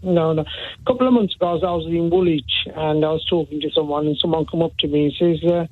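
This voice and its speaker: A man's voice: a little high, quick pace. Chatty male caller on a tinny phone line. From England. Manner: chatty, keeps checking agreement with "right?". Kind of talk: phone-in call.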